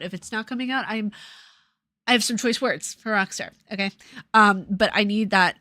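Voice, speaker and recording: A young woman with a New York accent chats loosely on her stream, drifting between thoughts and cursing casually as she goes. Her voice sits at an ordinary middle pitch. The sound is dry and close, with no room around it. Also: a bit bright, dry recording. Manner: rambling, swears freely, laughs often. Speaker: YouTuber reading live chat. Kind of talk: casual livestream chat.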